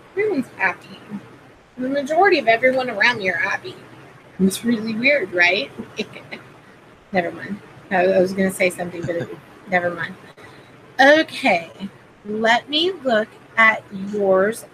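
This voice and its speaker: A woman's voice: mid-range voice, expressive, a little slow, noisy background. A woman hosting a casual livestream and doing card readings, rambling with plenty of fillers and greeting viewers by name. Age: adult parent.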